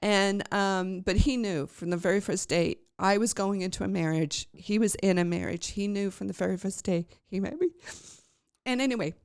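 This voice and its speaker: A woman's voice: medium pitch, moderate pace, a little mellow, clear, resonant tone, dry recording, clean studio sound. A woman podcast host telling a personal story in a chatty, rambling way, with many fillers and restarts.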